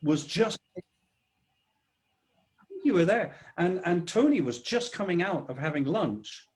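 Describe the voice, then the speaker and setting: A man, a guest drummer telling stories in a casual video-call interview, his sentences trailing off softly. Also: high-pitched, sing-song, a little slow. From England.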